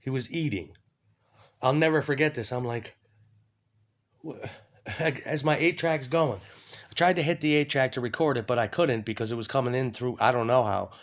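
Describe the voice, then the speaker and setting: A man's voice: mid-range voice, moderate pace, pauses often. Rambling, profane man. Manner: profane, rambling, swings from mumbling to shouting. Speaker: vlogger. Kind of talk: rambling monologue.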